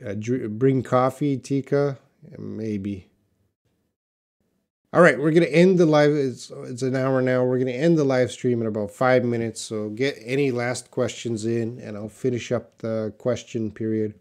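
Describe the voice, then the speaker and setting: On a live stream, a man teaches English, reading viewers' chat questions aloud and answering them casually while thinking out loud with lots of fillers. His voice sits at a medium pitch and he speaks unhurriedly.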